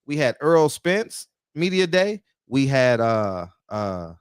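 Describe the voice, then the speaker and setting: A man's voice: mid-range voice, sing-song, takes it slowly, clean tone, no room sound, studio quality. A man hosting a live call-in show, talking brash, profane and amped up in casual chat.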